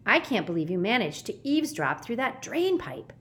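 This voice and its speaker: A woman's voice: fairly high pitch, sing-song, moderate pace, fairly bright tone, a little hiss or hum, voice pushed up. A woman reading an audiobook, voicing a nervous, clever young boy with an anxious, eager manner.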